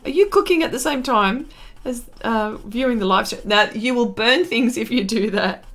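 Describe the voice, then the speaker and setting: A woman's voice: fairly high pitch, moderate pace, fairly bright tone. An Australian woman live streaming her drawing, chatting casually, reading viewer comments aloud and laughing often. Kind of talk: casual chat while drawing.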